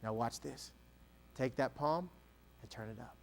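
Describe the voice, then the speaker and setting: A man's voice: medium pitch, a little slow, gravelly, a little hiss or hum. A man giving an interactive keynote talk on stage before an audience, energetically coaching a volunteer. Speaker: keynote speaker.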